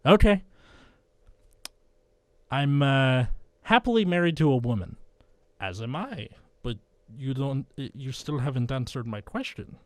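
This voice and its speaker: A young man reads fan fiction aloud for a comedy podcast, dry and deadpan, breaking into flustered laughs. His voice is close and dry on the mic, with no room sound around it. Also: medium pitch, unhurried, no room sound. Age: young adult. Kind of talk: comedic dramatic reading.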